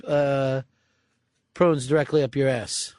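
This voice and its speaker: A man's voice: mid-range voice, fairly even intonation, takes it slowly, a little mellow, dry recording. A man hosting a radio show, teasing and needling his co-host in casual studio banter.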